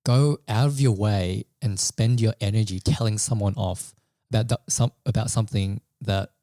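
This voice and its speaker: Easygoing young man, low mellow voice. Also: moderate pace, no room sound, clean studio sound. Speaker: podcast co-host. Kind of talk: casual chat.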